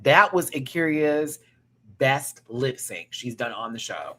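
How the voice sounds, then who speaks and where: A Southern man hosting a reaction review who gushes and swears in a slangy, animated way. His voice is husky and sits at a middling pitch. He talks straight to the camera on a home stream. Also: takes it slowly. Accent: Southern American. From American South. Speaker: reaction show host.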